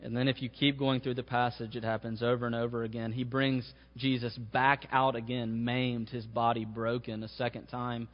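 A man's voice: mid-range voice, flat delivery, moderate pace, hardly any pauses. A man delivers a sermon in a large church hall, his voice swelling on the key phrases. The long reverb trails after each line, and the sound is a little muffled. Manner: preaching with rising emphasis on key phrases. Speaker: pastor.

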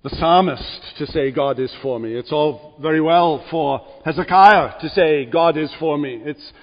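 A man preaching in a church, with a slightly high voice and an unhurried, deliberate delivery that rises to emphatic peaks. The recording sounds a little dull, and the church's reverb rings out behind him. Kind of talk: sermon.

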